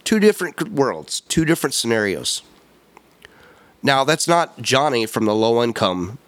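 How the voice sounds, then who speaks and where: A man's voice: mid-range voice, very animated, moderate pace, fairly bright tone, dry recording. A man hosting a solo podcast, ranting in an emphatic, rambling way, repeating words and correcting himself. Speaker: podcast host. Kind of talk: solo opinion podcast rant.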